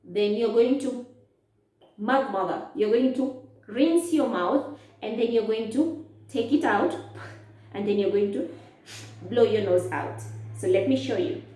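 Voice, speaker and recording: A woman teaching a lesson to children, speaking slowly, asking questions and answering them herself. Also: fairly high pitch, expressive, dark tone. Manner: slow, drawn-out, asks questions and answers them. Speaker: Islamic studies teacher. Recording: echoey, from far off.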